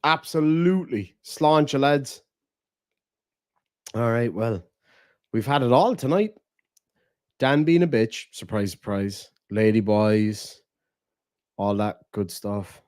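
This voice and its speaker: A man's voice: medium pitch, lively intonation, slow pace, long pauses, a little mellow, no room sound, studio quality. A man hosting a casual late-night stream, telling stories with lots of swearing and laughter. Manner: profane, laughing storyteller. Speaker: streamer host.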